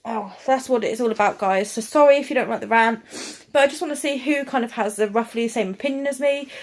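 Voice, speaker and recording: Young woman vlogger, high-pitched, blunt and fired up, venting straight to camera. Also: fast talker. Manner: blunt, heated, sweary. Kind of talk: ranting to camera.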